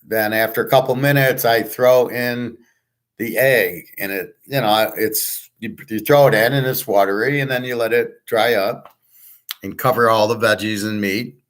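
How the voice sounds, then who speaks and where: A man's voice: on the low side, fairly even intonation, moderate pace, a bit bright. A middle-aged man hosting his own show, talking casually in a blunt, digressive way and swearing often. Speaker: host. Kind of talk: casual rambling talk.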